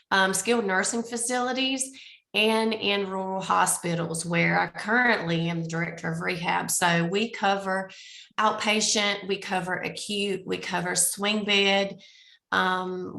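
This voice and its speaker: A woman in her thirties with a Southern accent, hoarse from being under the weather, giving a chatty webinar presentation as a physical therapist. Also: fairly low pitch, a bit bright, echoey room. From Southeast Georgia, US. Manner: chatty, apologetic, with fillers.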